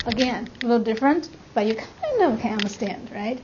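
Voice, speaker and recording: In a muffled classroom recording with background noise, a language instructor from China gives a lecture in her Chinese accent. Her high voice is expressive, her pace moderate, and she pauses often. Patient in her explanations, she checks that students understand by asking "right?"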